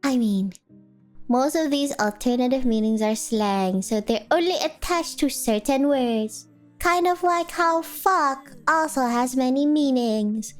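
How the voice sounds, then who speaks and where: Woman streamer, high voice, slow unhurried talk, playful and giggly, sore throat. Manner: playful, giggly, asks lots of questions. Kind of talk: casual chat with chat. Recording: faint music behind.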